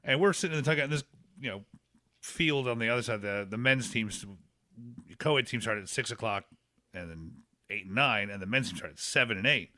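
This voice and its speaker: A man's voice: medium pitch, brisk, dry recording. A man, a podcast guest, in casual chat, telling stories and acting out other people's lines. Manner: animated storyteller, acts out quoted voices.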